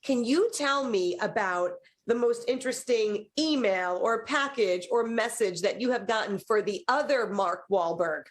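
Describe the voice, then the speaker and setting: Female TV host, interviewer, chatty and upbeat, voice a little high. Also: measured pace, hardly any pauses. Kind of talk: TV interview questions.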